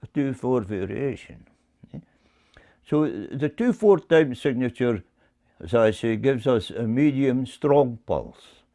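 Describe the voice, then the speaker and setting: A man teaching bagpipe music, explaining in a measured way and often repeating words as he goes. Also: mid-range voice, animated, dark tone. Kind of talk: explaining to camera.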